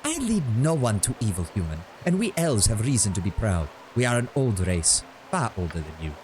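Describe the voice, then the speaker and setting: Proud elf lady read by a guy, dignified and measured, lively pitch. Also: slight background noise. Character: proud, calm female elf defending her people.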